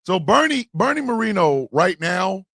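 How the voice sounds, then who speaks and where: A man giving casual, slangy reaction commentary, stammering and breaking into loud outbursts. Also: high-pitched, big pitch swings, moderate pace, dry recording. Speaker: streamer and political commentator.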